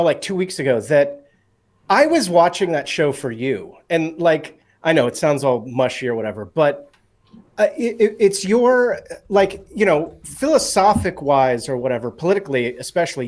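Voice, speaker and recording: A man's voice: a little high, lively intonation, normal speed. A man guesting on a livestream call, earnest and rambling, full of fillers. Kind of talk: casual call-in chat.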